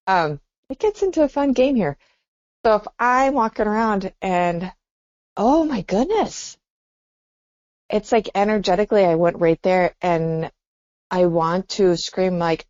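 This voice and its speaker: A woman's voice: lowish voice, moderate pace, a little mellow, no echo. A woman co-hosting a podcast, talking in a reflective, exclamatory way. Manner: reflective, exclaims and laughs often. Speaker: podcast co-host. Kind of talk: casual chat. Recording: dull dry lo-fi sound.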